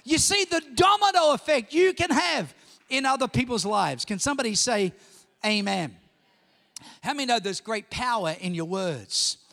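A middle-aged man with an Australian accent preaching a sermon, telling personal stories in an animated way that climbs to shouting. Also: very high-pitched, normal speed, vocal fry. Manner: animated storytelling, rising to shouts. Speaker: pastor. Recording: long hall reverb.

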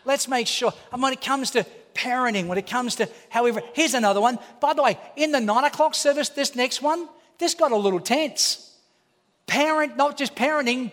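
A man, preaching a lively sermon with jokes and acted-out voices. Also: very high-pitched. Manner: animated, acts out voices, jokes with the congregation. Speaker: pastor. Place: church auditorium. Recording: preaching in a reverberant hall.

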